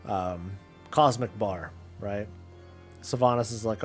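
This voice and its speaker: A man's voice: lowish voice, measured pace, faint music behind. A man streaming a casual chat about games, rambling with many fillers and restarts.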